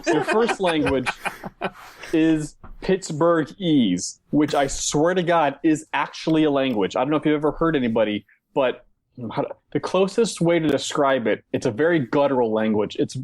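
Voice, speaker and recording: A man's voice: fairly high pitch, animated, moderate pace. A man from Northern Virginia co-hosting a comedy podcast, telling a rambling story in casual chat. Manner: rambling, self-interrupting storyteller. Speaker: podcast co-host.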